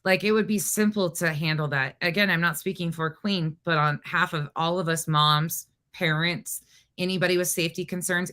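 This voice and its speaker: Woman, livestream host, casual talk at home, exasperated, rambling, bright voice. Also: fairly low pitch, fairly even intonation, normal speed. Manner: exasperated, rambling, frequent restarts.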